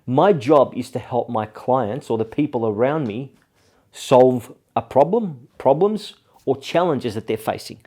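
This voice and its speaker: A man's voice: medium pitch, lively intonation, measured pace, mellow. A man hosting a business advice show, talking energetically and persuasively, often ending points with "okay?". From Australia. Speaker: host.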